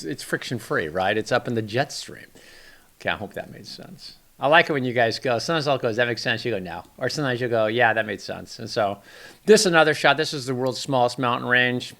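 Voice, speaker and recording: A man's voice: medium pitch, bright, forceful tone. A middle-aged man from Northern California giving a rambling, enthusiastic weather forecast from home. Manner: rambling, chatty, enthusiastic asides. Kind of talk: casual forecast chat.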